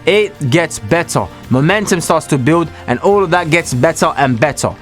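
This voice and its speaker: A man with a somewhat high voice delivers a preachy motivational talk alone in a small room. He speaks straight to his viewers, emphatic and repetitive. Faint music plays underneath. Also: expressive, moderate pace.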